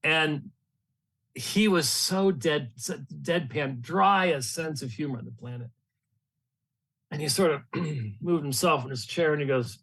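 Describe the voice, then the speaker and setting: A man's voice: fairly high pitch, a little slow, fairly bright tone, husky. A man who leads a ministry and hosts a show, talking casually through long, rambling anecdotes with chuckles between the stories. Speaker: ministry leader and podcast host. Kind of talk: casual reminiscing monologue.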